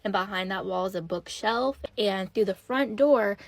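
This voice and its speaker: Woman, animated storyteller, conversational, recorded dry and close. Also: mid-range voice, moderate pace, vocal fry, dry recording. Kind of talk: casual storytime.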